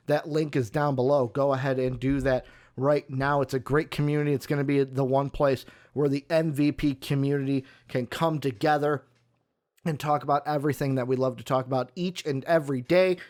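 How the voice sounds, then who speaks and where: A man's voice: mid-range voice, steady tone, brisk, darkish tone. A man hosting a live sports talk show, running through announcements in an upbeat way with some fillers. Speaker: show host.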